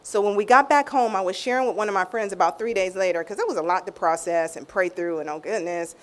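A woman with a mid-range voice shares a heartfelt personal testimony, acting out what people said in a raised, lively voice. She shifts to a near-hush when she turns tender. Her delivery is vivid and earnest. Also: medium pitch, quick pace. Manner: animated storytelling, acts out quotes in raised tones. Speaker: guest sharing a testimony.

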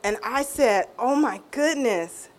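A woman telling an emotional personal faith testimony. She acts out quotes in a raised voice and drops to a hush at tender moments. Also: a little high, takes it slowly. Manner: animated storytelling, acts out quotes in raised tones. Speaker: guest sharing a testimony.

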